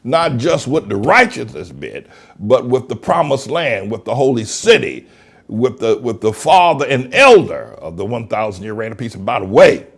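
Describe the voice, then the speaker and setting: A man's voice: mid-range voice, sing-song, normal speed, gravelly, husky. A male pastor preaching a broadcast sermon, emphatic, stretching out key words and repeating himself.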